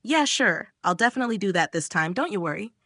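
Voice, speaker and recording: A woman's voice: mid-range voice, lively intonation, fast talker, fairly bright tone, no room sound, studio quality. Woman doing a cocky smirking brother. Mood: smug teasing. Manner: smug, teasing.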